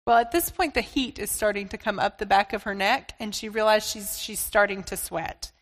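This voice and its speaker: A woman preacher telling a story sermon in a deliberate, expressive storytelling manner. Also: mid-range voice, long reverb tail.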